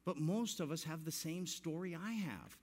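A pastor in his sixties telling a self-mocking story in a sermon, animated and laughing through his lines. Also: fairly high pitch, normal speed. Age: 60s.

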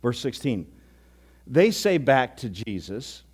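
A pastor preaching a sermon in a conversational, animated way with sudden bursts of emphasis. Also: male voice, mid-range voice, slow, husky.

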